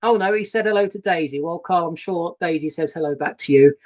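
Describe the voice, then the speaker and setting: A man's voice: on the high side, brisk, hardly any pauses, darkish tone, dull audio. Male host, casual rambling chat, friendly greetings to viewers, sofa-side live stream setup. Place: sofa inside a narrowboat. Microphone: laptop webcam setup.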